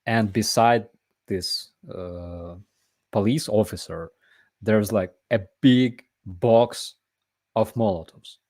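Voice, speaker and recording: A man's voice: fairly low pitch, slow, a little mellow, no room sound. A man from Ukraine with a Ukrainian accent, hosting a live Q&A chat in an emphatic, conversational way. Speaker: host.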